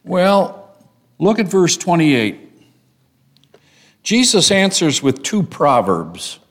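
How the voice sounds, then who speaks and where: Slow, lively-voiced preacher man. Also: on the high side. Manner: emphatic, repeats phrases for stress. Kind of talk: expository sermon.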